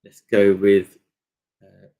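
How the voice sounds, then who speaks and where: A man's voice: on the low side, monotone, slow pace, dark tone, clean tone. A man hosting a casual live stream, rambling through products with lots of fillers into a desk microphone. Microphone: desk microphone on a table stand.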